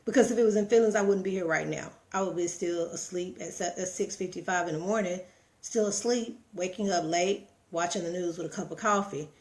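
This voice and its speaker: A woman's voice: on the low side, a little fast, darkish tone. A middle-aged woman from Texas with a Texan accent, giving a motivational live-stream monologue in a preachy, repetitive way with many rhetorical questions. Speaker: vlogger.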